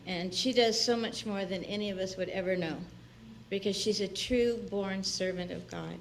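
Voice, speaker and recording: A woman's voice: mid-range voice, normal speed, creaky, slight background noise. A woman minister giving a chatty, personal sermon in a church, laughing often and acting out the people she quotes. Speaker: guest minister. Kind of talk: conversational sermon. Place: church sanctuary.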